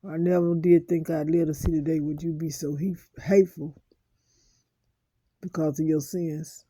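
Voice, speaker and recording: A woman in a personal vlog monologue, talking slowly with heavy pauses and repeating her hurt, aggrieved lines over and over. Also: low voice, fairly even intonation, dark tone, slightly rough, dry recording. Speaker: vlogger.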